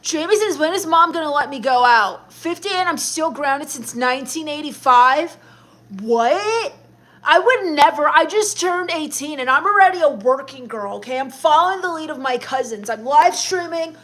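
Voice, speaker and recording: High-voiced sassy woman streamer. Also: expressive, moderate pace, hardly any pauses, fairly bright tone. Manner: sassy, snappy comebacks to chat. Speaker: live streamer. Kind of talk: in-character comedy livestream reading chat.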